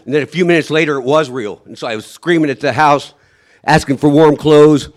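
The voice is fairly high in pitch as a man relates how he survived something, emotionally and haltingly. He keeps trailing off and restarting, performing his own shouts within the story.

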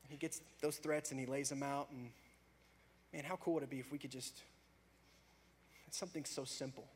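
A man preaching a sermon, rising to loud, fervent prayer and dropping back to a soft, conversational tone. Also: fairly even intonation, moderate pace, slight background noise. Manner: builds to loud, high-pitched fervor in prayers; drops to soft, low conversational tone between peaks. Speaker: pastor.

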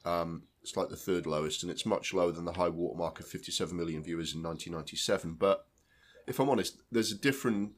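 A man hosting a podcast, telling stories in casual film chat and acting out quotes. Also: sits low. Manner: animated storytelling, acts out quotes. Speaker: podcast host.

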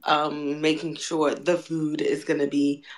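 A young adult woman co-hosting a podcast, telling stories in an animated way and laughing often. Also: low-pitched, measured pace. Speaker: podcast co-host. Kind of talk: casual chat.

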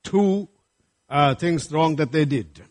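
A male preacher delivers a sermon in a slightly raised, husky voice. He talks to the congregation with lively asides, often asking "right?" and calling them friends. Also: a little high, normal speed. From Sri Lanka. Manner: animated, often asks listeners "right?" and calls them friends.

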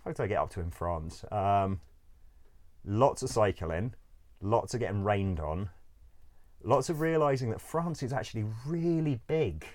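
A man's voice: lowish voice, expressive, unhurried, darkish tone. A man telling a travel story in a loose, rambling way, laughing often, swearing freely and filling gaps with "like" and "um". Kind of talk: casual storytelling.

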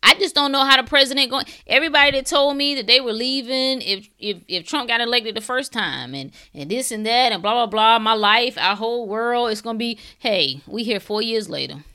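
A woman's voice: a little high, brisk, few pauses, sharp tone, smooth. A woman in a casual monologue, blunt and preachy, firing off sarcastic rhetorical questions in slangy talk.

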